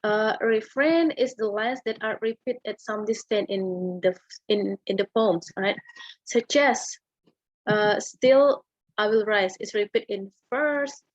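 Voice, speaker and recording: Hesitant Indonesian student, husky and slow. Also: female voice, medium pitch, no room sound. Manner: hesitant, many fillers and tag questions. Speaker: student presenter. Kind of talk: class presentation explaining a poem. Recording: dull lo-fi home recording.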